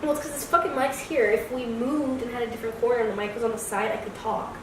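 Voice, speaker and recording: A woman with a fairly high voice talks fast as co-host of a movie review podcast, giving blunt, opinionated reviews in casual chat and animating them with mock voices. Background noise is present, and the mic sits distant in an echoey room.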